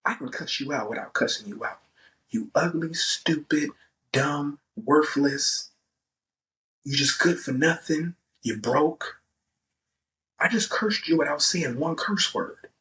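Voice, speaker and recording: A man's voice: on the high side, slow, pushed and bright, distant mic, low-quality recording. A man hosting a podcast in a casual, profane, emphatic monologue, often tagging "right?". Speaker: podcast host.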